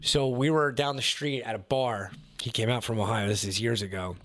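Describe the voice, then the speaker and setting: Swearing, animated storytelling man. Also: mid-range voice, moderate pace, dry recording. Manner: animated storyteller who swears a lot and acts out voices. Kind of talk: casual chat, storytelling.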